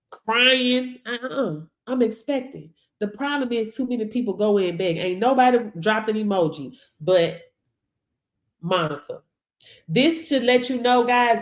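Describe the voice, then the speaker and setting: A woman's voice: mid-range voice, animated, unhurried, echoey room. A woman in giving a sassy, preachy motivational talk to her livestream viewers, calling them baby. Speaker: livestream business mentor.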